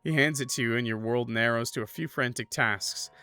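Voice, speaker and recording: Give me a laid-back man narrating a horror game with a bright, tense voice. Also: mid-range voice, fairly quick, smooth, soft background music. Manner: casual, laid-back, lots of "like" and "bro". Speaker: streamer. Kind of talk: let's play, reading game text with commentary.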